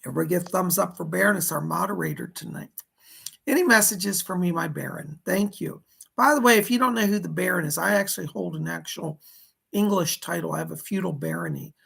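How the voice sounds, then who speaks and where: A hoarse man giving live psychic readings, passing on spirit messages in quick "he said, she said" bursts. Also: high-pitched, a bit bright. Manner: relays spirit messages in rapid "he said" quotes. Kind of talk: livestream readings, casual and excitable.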